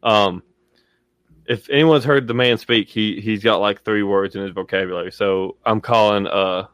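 A man's voice: on the low side, fairly even intonation, moderate pace, fairly bright tone, smooth, no room sound, studio quality. A man co-hosting a casual live chat, telling stories with chuckles and jokes. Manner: chuckling, joking storyteller. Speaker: co-host.

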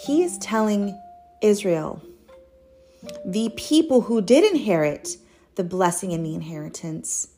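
A woman's voice: mid-range voice, sing-song, measured pace, pauses often. A young woman giving a casual, earnest devotional Bible teaching, chatty with light laughs between points. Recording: soft guitar music behind.

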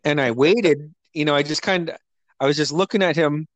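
A man's voice: brisk, no room sound. Guy reminiscing, lots of uh and you know, bumps his voice up for quotes, dry close sound. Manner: animated storyteller, acts out quotes in a higher voice; laughs often, many fillers. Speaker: friend sharing memories. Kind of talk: casual storytelling chat.

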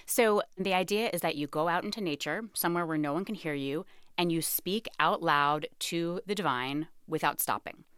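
A woman's voice: lowish voice, normal speed, a bit bright, clear, resonant tone, no echo, clean studio sound. A woman guest telling her story in an interview, candid and self-mocking, laughing often. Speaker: author and guest.

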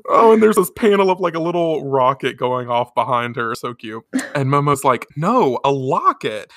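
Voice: mid-range voice, moderate pace, a bit bright, no room sound, clean studio sound. A podcast co-host recapping a story in casual chat, who laughs often, swears freely and is wired on coffee.

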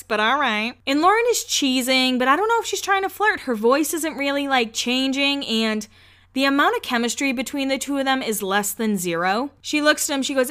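A woman's voice: high voice, lively intonation, fairly bright tone, smooth. A young woman hosting a podcast, recapping a reality show in a chatty, casual way and briefly mimicking the people she talks about. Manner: chatty, heavy use of "like", quick mimicry of the people she discusses. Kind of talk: casual chat.

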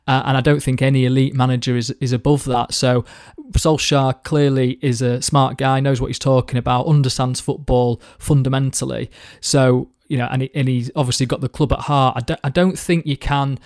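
Flat-toned man, hesitant. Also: medium pitch, normal speed, no room sound, studio quality. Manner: hesitant, repeats words. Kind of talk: casual podcast commentary.

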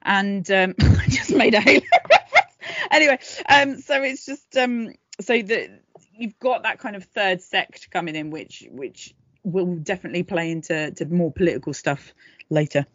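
A woman's voice: medium pitch, lively intonation, moderate pace, fairly bright tone, no echo. Jokey woman chatting history. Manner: chatty, jokey asides, laughs often. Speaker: podcast co-host. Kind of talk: casual history chat. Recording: slightly dull, dry home mic.

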